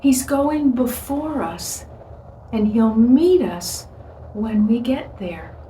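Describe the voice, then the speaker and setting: A woman's voice: fairly high pitch, expressive, takes it slowly, mellow. A woman giving a short devotional talk, earnest and storytelling. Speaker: devotional speaker. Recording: echoey room, voice from a distance, faint hiss.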